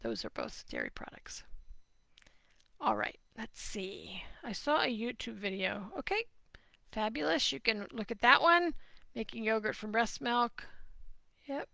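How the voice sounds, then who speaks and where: A middle-aged woman from New Jersey, answering viewer questions on a live stream in an animated, opinionated, emphatic way. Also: fairly high pitch, measured pace, creaky, dry recording. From New Jersey, USA.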